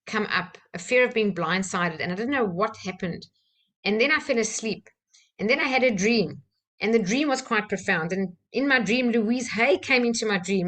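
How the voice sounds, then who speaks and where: A woman, a personal-development trainer from South Africa, telling a candid personal story with soft laughs and fillers. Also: on the high side.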